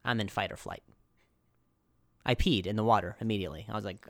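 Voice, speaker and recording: A man's voice: on the low side, a little fast, long pauses, fairly bright tone, dry recording, clean studio sound. A young adult man hosting a casual comedy podcast, rambling through a story with lots of jokes, asides and restarts. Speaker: podcast host.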